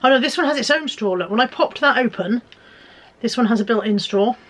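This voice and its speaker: A middle-aged woman vlogger, her voice a little high, fairly quick and slightly bright, chats casually while unboxing parcels. She jokes at her own expense and fiddles with the packages as she talks.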